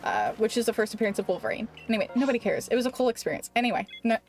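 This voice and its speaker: Young woman game streamer, pitched a touch high, rambling and animated; casual live-stream storyteller. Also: very fast, faint music behind. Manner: animated, rambling, heavy use of "like".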